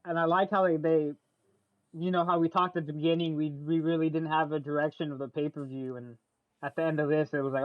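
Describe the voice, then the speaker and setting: A man co-hosting a podcast in relaxed, chatty talk with occasional swearing. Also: on the high side, brisk, dry recording, highs cut off. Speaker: podcast co-host. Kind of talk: casual podcast chat.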